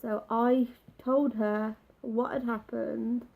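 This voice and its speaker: Slow, mellow-voiced woman. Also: on the high side, little pitch movement, vocal fry, rough recording. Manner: halting, emotional retelling with restarts. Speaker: vlogger. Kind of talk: personal storytime.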